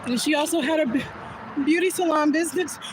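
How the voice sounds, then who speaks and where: A woman's voice: sits high, fast, noisy background. A woman telling a personal story in a vlog, candid and laughing often, recorded on a phone in a car. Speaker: vlogger.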